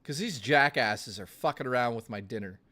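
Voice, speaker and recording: A man's voice: mid-range voice, animated, brisk, bright, forceful tone. A man streaming live, chatting casually with his viewers in a blustery, profane rant. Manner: profane, blustery ranting to chat.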